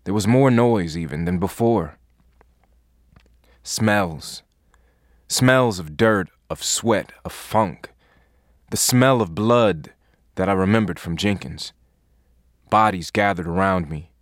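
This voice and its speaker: A man reading a first-person audiobook in a measured, tense, understated way, recorded in a studio booth. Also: sits low, no echo. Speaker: audiobook narrator.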